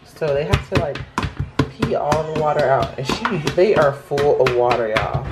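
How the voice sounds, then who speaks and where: Chatty young mom vlogging at home. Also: female voice, low-pitched, expressive, moderate pace. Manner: chatty, addresses viewers as y'all. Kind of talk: casual vlog talk to camera. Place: at home with babies. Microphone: phone held by hand. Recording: noisy home phone recording.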